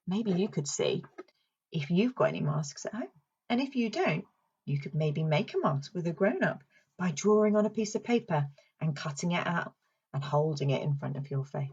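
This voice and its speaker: A woman leading a children's song and story session in a playful sing-song way, speaking slowly and clearly for toddlers. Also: lowish voice, darkish tone, muffled recording. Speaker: children's speech and language therapist.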